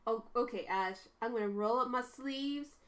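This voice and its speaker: A woman's voice: on the high side, moderate pace, a bit bright. A woman streaming a video game, joking and swearing in casual commentary. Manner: profane, joking.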